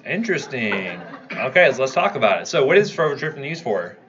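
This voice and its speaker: A man's voice: mid-range voice, very animated, fairly quick, a bit bright, lo-fi sound. A man teaching a pharmacology review class, quizzing students and checking in with "right?" as he goes. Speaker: pharmacology instructor. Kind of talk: review lecture.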